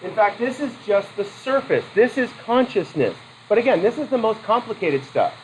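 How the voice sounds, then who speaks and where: A man teaches a psychology class in a loose, conversational lecture, quizzing students and tossing in casual asides while correcting himself as he goes. His voice is high with lively intonation at a normal speed, on a low-quality recording with a little hiss or hum.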